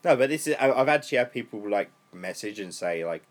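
A young British man co-hosting a casual podcast, rambling and swearing freely, his voice worn lower from smoking. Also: lively intonation, brisk. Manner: rambling, swears freely, laid-back stoner talk. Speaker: podcast co-host. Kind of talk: casual chat.

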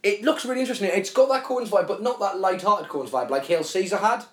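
A man's voice: sits high, fast. A tired man co-hosting a comedy podcast, joking and swearing in casual banter. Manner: jokey, animated, swears freely, does silly voices. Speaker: podcast co-host. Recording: echoey room.

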